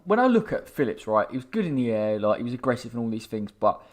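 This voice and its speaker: A man co-hosting a football watchalong. He is chatty and animated, and laughs often as he talks. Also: medium pitch, fast talker. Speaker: fan co-host of a match watchalong. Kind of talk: casual football chat.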